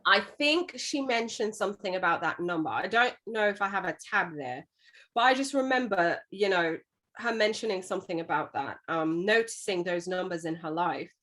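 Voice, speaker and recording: A woman co-hosting a casual podcast retells a book at length, speaking conversationally and dropping in "you know" again and again. Her lowish voice is expressive and a bit bright, at a moderate pace.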